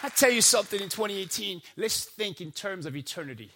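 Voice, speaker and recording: A man from the United States preaching a sermon in church with impassioned shouting and rhetorical questions. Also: high voice, animated, quick pace, crowd noise, noisy background. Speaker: pastor. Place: church before a congregation.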